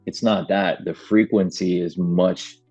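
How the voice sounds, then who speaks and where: A man's voice: deep voice, fairly even intonation, unhurried, warm tone, slightly rough, dry recording, lo-fi sound, faint music behind. A man co-hosting a casual business podcast, speaking plainly and often chiming in to agree. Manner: plain-spoken, lots of agreeing interjections. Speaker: podcast co-host.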